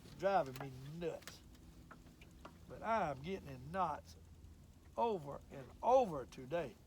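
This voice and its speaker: A man's voice: on the high side, expressive, a little slow, a little mellow, a little hiss or hum. Folksy older man on a boat. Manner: folksy, rambling, drawling country talk. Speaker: fishing show host. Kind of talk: casual fishing vlog monologue. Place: outdoors on a boat on a lake.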